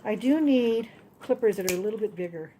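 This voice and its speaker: A woman's voice: medium pitch, expressive, fairly quick, mellow, a little hiss or hum, low-quality recording. Chatty older woman crafting. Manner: chatty, laughs easily, playful. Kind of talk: casual chat while crafting.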